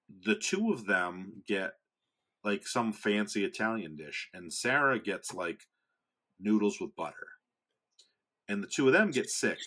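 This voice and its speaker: A man with a fairly low voice chatting as a podcast co-host. He is casual and a bit profane, and his retelling is lively. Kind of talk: casual chat.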